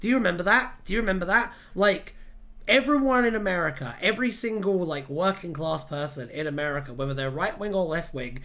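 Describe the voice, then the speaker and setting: A man hosting a casual livestream, animated and laughing often as he rambles through jokes and rants. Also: high-pitched, fairly quick. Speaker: livestream host.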